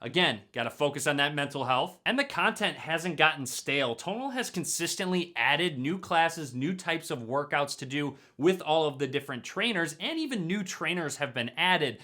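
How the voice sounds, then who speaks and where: A young man presenting a home product review vlog in an upbeat, clear presenter manner, recorded in a room at home. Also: fairly high pitch, expressive, normal speed, few pauses, bright, forceful tone. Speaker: tech reviewer. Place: home room with a wall-mounted gym.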